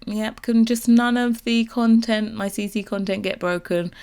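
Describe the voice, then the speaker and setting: A young woman chatting casually over a game build, bubbly and rambling as she gets excited about new content. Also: fairly high pitch, a little slow, smooth. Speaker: Sims builder and YouTuber.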